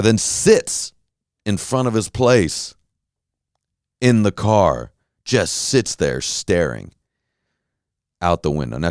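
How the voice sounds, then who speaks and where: A man hosting a podcast, telling a rambling, animated story with quoted voices and swearing. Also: deep voice, no room sound, studio quality. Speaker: podcast host. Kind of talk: casual storytelling rant.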